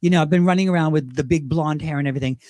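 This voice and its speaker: High-voiced British drag performer telling stories. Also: male voice, no echo. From Great Britain. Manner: animated, quick impressions, laughs while talking. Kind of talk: casual interview storytelling.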